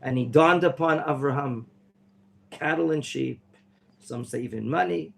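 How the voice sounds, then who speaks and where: A man teaching an interactive Torah class in a classroom, quizzing his students and now and then bursting into theatrical excitement. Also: fairly high pitch, a little slow, vocal fry, slight background noise. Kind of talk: interactive Bible lesson. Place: classroom at a yeshiva.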